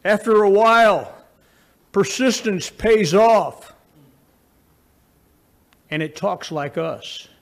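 A man preaching a sermon, telling folksy family stories and moving between raised emphatic lines and low, quiet asides. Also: expressive, slow, vocal fry, pauses often.

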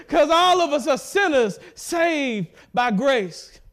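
High-voiced man preaching. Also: sing-song, extremely slow. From central Mississippi. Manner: emphatic preaching, repeats words, warm laughs. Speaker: pastor. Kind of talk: sermon.

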